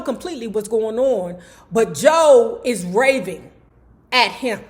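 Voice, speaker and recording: A woman's voice: fairly high pitch, unhurried. A woman telling a story in casual commentary, with profanity and slang and acting out quotes. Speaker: YouTube storyteller.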